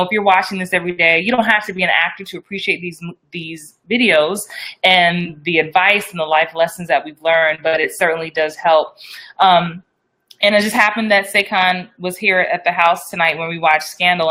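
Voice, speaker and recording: Bright-voiced woman hosting a live stream. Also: on the low side. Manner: upbeat, direct, addresses viewers. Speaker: host of an acting show.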